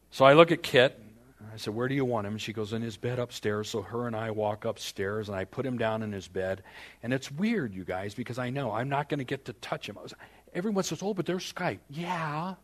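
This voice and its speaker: A man's voice: mid-range voice, a bit bright. An older man, a pastor, telling a personal story in a sermon, with self-deprecating humor, his voice rising and then dropping to a near whisper.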